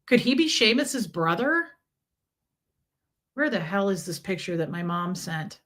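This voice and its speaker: Middle-aged woman on a livestream, bright crisp voice, chatty, coos at a kitten now and then. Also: mid-range voice, very animated, measured pace. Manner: chatty, reads out chat messages, coos at a kitten. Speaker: livestream host. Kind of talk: casual livestream chat.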